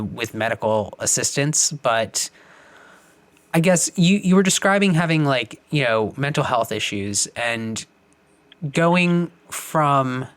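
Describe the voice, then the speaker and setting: A man hosting a podcast, asking long, meandering questions and pausing on many "um"s. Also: medium pitch, a bit bright, dry recording. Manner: meandering, searching for words with many "um"s. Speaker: podcast host. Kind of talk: casual interview questions.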